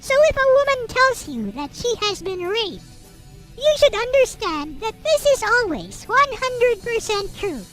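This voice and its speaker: A smug troll with a piercing, squeaky voice that swoops up and down as it reads in a sarcastic, mock-solemn tone, as a streamer puts it on. Faint music plays behind it. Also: very animated, measured pace, fairly bright tone, heavily acted. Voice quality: very high, squeaky put-on voice. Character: squeaky high-pitched troll, mocking and smug. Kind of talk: reading satirical prose aloud in a character voice.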